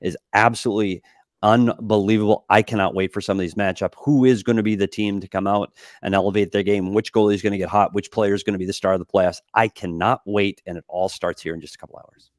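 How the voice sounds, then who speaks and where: A man with a very low voice breaks down hockey matchups on a podcast, rushing through his points and tripping over restarts. The sound is dry and close. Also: fairly even intonation, no room sound. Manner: rapid, stumbling restarts. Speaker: podcast panelist. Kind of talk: casual hockey analysis.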